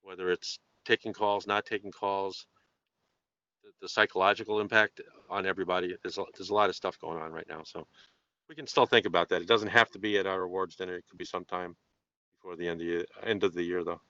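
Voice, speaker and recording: A man in a conference-call meeting who talks haltingly, with many fillers and restarts, and jokes drily. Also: low-pitched, fairly even intonation, bright, forceful tone, no room sound. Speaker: EMS council member. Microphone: remote call. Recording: muffled lo-fi call audio.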